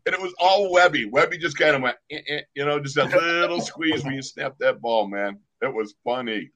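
An older man, a former pro football player, telling lively sports stories on a casual podcast. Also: on the high side, a little fast. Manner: animated storyteller, acts out other people's lines.

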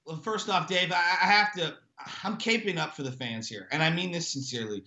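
A man's voice: fairly high pitch, fairly quick, sharp tone, echoey room, muffled recording. A man co-hosting a sports talk show, ranting emphatically and indignantly about football.

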